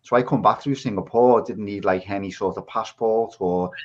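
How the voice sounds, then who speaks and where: Fairly low in pitch and moderate in pace, a Scouse-accented man from England chats as a podcast guest on a video call. He's a rambling storyteller recounting his own tale, and the recording sounds dull and lo-fi.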